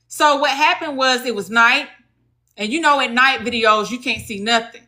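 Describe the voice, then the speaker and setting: A woman's voice: on the high side, moderate pace, sharp tone. A woman with a Southern US accent hosting a casual livestream about legal advocacy, chatty and folksy, talking straight to her viewers.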